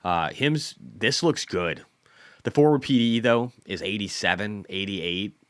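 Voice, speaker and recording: A man's voice: fairly low pitch, lively intonation, a little slow, no room sound. A man in his forties hosting a casual stock market livestream, rambling and self-deprecating, often repeating words. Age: 40s.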